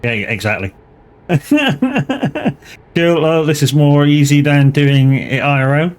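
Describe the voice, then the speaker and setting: A man in his 40s from Plymouth, England, live-streams a truck driving game, chatting casually, joking, swearing a lot, and laughing often. His voice is on the high side, expressive, and slow.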